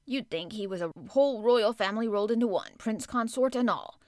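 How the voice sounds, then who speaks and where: A woman voicing a good-natured middle-aged head gardener, lowered and deferential. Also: brisk, a little mellow, dry recording, studio quality, close to an everyday voice. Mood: amused.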